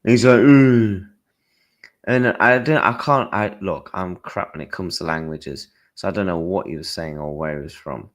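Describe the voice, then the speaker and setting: A young man with a fairly low voice, chatting about football on a livestream. He tells stories animatedly, acts out both sides of an exchange, and talks in blunt slang with the odd mild swear. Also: normal speed, few pauses. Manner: animated storytelling, acting out his own and others' lines. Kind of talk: casual football chat.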